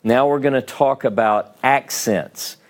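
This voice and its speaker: Southern man, classroom teacher, slow and methodical, checks in often with the class. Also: mid-range voice. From Southern United States. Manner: patient step-by-step explaining, checks in with "okay?" and "right?". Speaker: Hebrew teacher. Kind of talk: classroom lecture.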